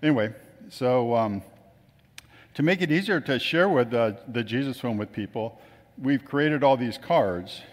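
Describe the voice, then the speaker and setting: A man's voice: mid-range voice, expressive, measured pace. Man telling anecdotes in an echoing hall. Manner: chatty anecdotes, acts out quoted voices. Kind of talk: casual storytelling talk. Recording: long reverb of a hall.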